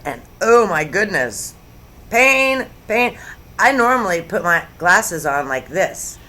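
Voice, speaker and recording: A YouTube commentary host in her fifties chats to camera at home, rambling casually from topic to topic with a sarcastic edge. Her voice is low with a fairly bright tone, and there's slight background noise.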